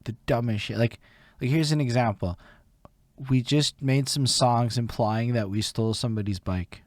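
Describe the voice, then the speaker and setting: Young canadian dude hosting, hyped and swearing a lot, dry close sound. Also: male voice, mid-range voice, moderate pace, no room sound. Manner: excitable, swears a lot, heavy use of "like". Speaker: interview host. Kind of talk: casual chat.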